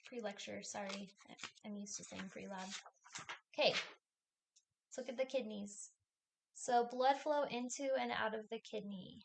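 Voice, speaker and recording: A woman's voice: mid-range voice, a little slow, gravelly, pauses often, noisy background. A woman instructor giving a recorded lecture, talking through a diagram step by step in a plain, explanatory way.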